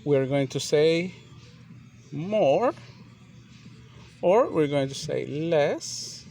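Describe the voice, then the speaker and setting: A man teaching a grammar lesson, repeating and spelling out words slowly and deliberately. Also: on the high side, animated, creaky, darkish tone. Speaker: English teacher.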